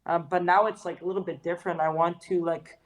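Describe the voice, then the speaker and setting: A woman's voice: fairly low pitch, fairly even intonation, fast, rough recording. A young woman from Canada, a guest in a casual interview, talking loosely with lots of slang, fillers and swearing. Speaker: guest, fitness trainer and artist.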